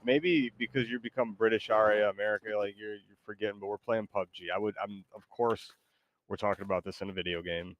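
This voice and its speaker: A man's voice: fairly low pitch, fairly even intonation, fairly quick, lo-fi sound, a little hiss or hum. A man streaming a video game and chatting casually, playful and rambling, with lots of fillers. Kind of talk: casual gaming chat.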